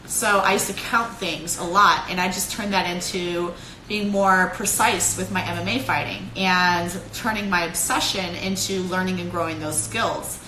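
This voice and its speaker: Bright-voiced, profane woman streaming live. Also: lowish voice, normal speed, echoey room, a little hiss or hum, low-quality recording. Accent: Cleveland. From Cleveland, Ohio. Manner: profane, animated, laughs often. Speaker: fighter streaming live to followers. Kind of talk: casual live-stream pep talk. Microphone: phone.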